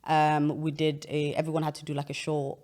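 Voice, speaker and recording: A woman's voice: low voice, completely flat delivery, brisk, darkish tone. A young woman hosting an interview, explaining at length in an earnest, casual way with frequent restarts. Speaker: podcast host.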